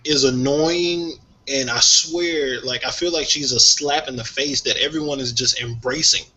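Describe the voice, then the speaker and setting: Opinionated man with a bright voice. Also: mid-range voice, moderate pace. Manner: opinionated, animated, laughs often. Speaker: podcast co-host. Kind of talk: casual music talk. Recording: dull lo-fi sound.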